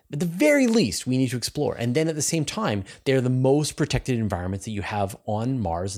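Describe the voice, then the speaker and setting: A man's voice: mid-range voice, a little mellow, husky. A Canadian man with a Canadian accent hosting space news, explaining things eagerly and talking straight to his viewers. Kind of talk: casual news commentary.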